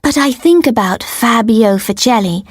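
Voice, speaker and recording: A woman narrating a simple first-person story for English learners in a clear, deliberate way. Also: a little high, lively intonation, no room sound, clean studio sound. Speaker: audiobook narrator.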